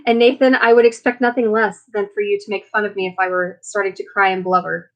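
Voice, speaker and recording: Here a woman with a mid-range voice talks quickly and flatly as she hosts a casual live chat. Her talk wanders, packed with fillers, and she seems tired and emotional after being sick.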